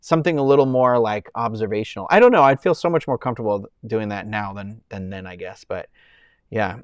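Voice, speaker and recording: A young man hosting a casual live stream, rambling and chatting with viewers in a loose way, full of fillers and quick laughs. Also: lowish voice, clean tone, no echo, highs cut off. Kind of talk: casual chat reading viewer comments.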